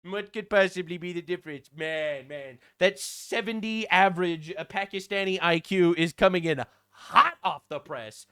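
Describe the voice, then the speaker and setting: A man's voice: high-pitched, normal speed, hardly any pauses, a bit bright, clear, resonant tone. A man giving sarcastic, profane political commentary, mocking the people he talks about. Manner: mimics quoted politicians in put-on voices.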